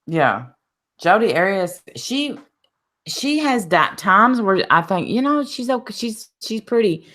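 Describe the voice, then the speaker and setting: A woman panelist in a casual chat over a video call, emphatic and quick to jump in. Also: medium pitch, very animated, a bit bright. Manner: emphatic, talks over others with restarts.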